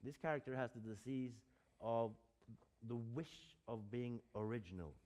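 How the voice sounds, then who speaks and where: A man's voice: medium pitch, a little slow, mellow. A man, an acting teacher giving a lecture, hesitant and full of fillers and restarts.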